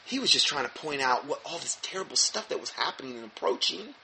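A man reads from an article and keeps interrupting it with mocking, sarcastic remarks. His voice sits somewhat high and sounds bright and forceful. He often stumbles, repeats words and restarts his phrases as he goes. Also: expressive, quick pace, gravelly, slight background noise. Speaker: commentator reading an article. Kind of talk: sarcastic commentary on a read article.

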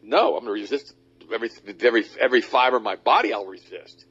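A man hosting a talk radio show, speaking emphatically and mocking others in high put-on voices. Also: animated, quick pace, fairly bright tone, breathy edge. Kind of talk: animated talk radio monologue. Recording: dull lo-fi audio.

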